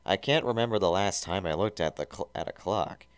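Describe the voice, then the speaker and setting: Man doing a cocky cartoon hedgehog dude, laid back, deepish voice, dry close mic. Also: brisk, clean tone, dry recording, close to an everyday voice. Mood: casual. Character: cocky young male hedgehog hero.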